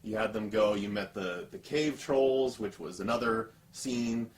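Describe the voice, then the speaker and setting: A man discussing a film in a casual chat, measured, listing scenes one by one. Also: lowish voice. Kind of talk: casual movie review chat.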